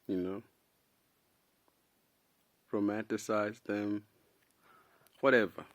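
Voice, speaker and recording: A man's voice: lowish voice, steady tone, slow. A young man from South Sudan talking casually and at length to camera, rambling and calling listeners "bro". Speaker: vlogger. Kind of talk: unscripted opinion monologue.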